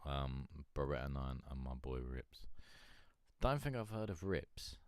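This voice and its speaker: Rambling man with a lively voice. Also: a bass voice, a little slow, clean tone, no echo, studio quality. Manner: rambling, joking, swears, laughs a lot. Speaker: music review streamer. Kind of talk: casual live-stream chat.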